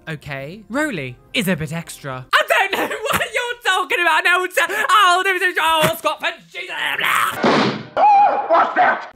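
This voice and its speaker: A man's voice: high voice, bright, forceful tone. A man ranting to camera as a content creator, incredulous and exasperated as he reacts to comments. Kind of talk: casual reaction rant to camera.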